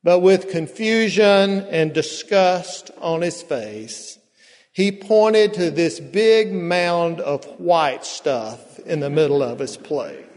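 A male pastor, preaching a sermon in a slow, drawn-out storytelling manner with emphatic pauses. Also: a little high, darkish tone. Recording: long hall reverb.

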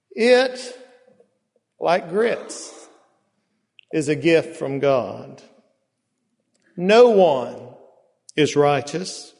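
A male pastor, preaching a sermon in a slow, drawn-out storytelling manner with emphatic pauses. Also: fairly high pitch, big pitch swings, gravelly, a little mellow. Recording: long hall reverb.

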